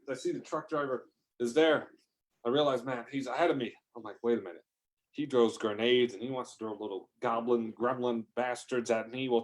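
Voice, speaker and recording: A man improvising a rambling comic story, talking in a loose, profane way with sudden exaggerated outbursts. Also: mid-range voice. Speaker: comedic storyteller.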